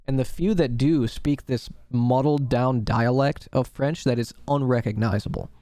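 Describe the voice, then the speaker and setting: A man's voice: mid-range voice, normal speed, warm tone, no room sound. A man hosting a casual podcast chat, easygoing, with lots of ums and likes. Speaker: podcast host and streamer.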